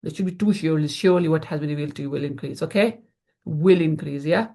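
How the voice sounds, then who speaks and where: Woman grammar teacher, lowish voice with fry, patient, repeats terms as she explains. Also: fast, warm tone. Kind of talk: slide-based online lesson.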